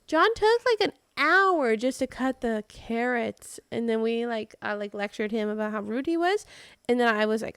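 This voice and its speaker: A woman co-hosting a podcast, chatting casually and telling animated stories, often laughing. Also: a little high, normal speed, smooth, no echo, studio quality. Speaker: podcast co-host. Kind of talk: casual chat.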